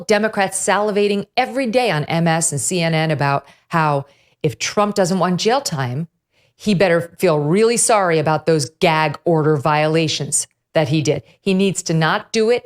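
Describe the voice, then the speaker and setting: A woman hosting a political talk show, with a low-pitched voice. She is middle-aged and tells her story with animation, slipping into the voices of the people she quotes. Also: moderate pace. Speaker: show host.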